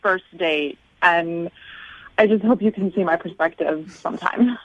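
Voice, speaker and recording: A woman's voice: lowish voice, measured pace, no echo. Chatty young woman on a phone line. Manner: chatty, heavy use of "like". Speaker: caller. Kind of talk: phone call on a radio show.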